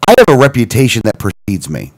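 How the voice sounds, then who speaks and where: Male talk-show co-host, mid pitch, very lively intonation, casual storyteller who quotes phone calls. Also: fast. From Florida. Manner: animated, retelling phone calls with quoted dialogue and self-corrections.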